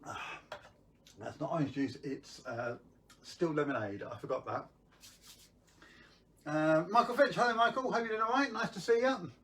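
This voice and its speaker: A man's voice: a little high, normal speed, long pauses, a bit bright, distant mic, a little hiss or hum. A man hosting a live magic stream, chatting casually to viewers with lots of ums and restarts.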